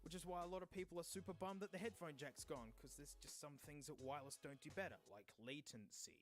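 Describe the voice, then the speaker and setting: Chatty headphone reviewer. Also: mid-range voice. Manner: chatty, opinionated, laughs now and then. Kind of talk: casual product review.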